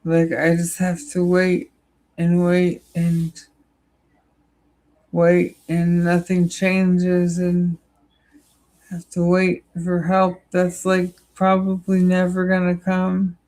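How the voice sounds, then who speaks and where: A young adult streamer drawls through a casual chat with viewers, the voice gravelly with fry. The delivery stays flat and monotone, full of halting "like" and "uh" fillers, with a tired, low-energy feel. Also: rough recording. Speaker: livestreamer answering chat.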